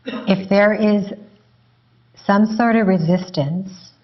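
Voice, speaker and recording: A woman speaks slowly and calmly, with a low, husky voice, as a meditation teacher guiding a student. The recording sounds dull and lo-fi. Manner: calm, unhurried, gently explaining. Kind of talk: spiritual teaching dialogue.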